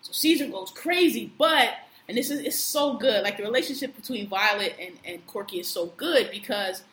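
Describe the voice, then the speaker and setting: A woman tells a film's story in a loose, chatty way, slipping into the characters' voices as she goes. Her voice sits a little high and comes across bright and forceful. The room is echoey, with faint noise behind her. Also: normal speed. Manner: animated retelling, acting out characters' lines, frequent profanity. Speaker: podcast co-host recapping a film. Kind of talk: casual storytelling chat.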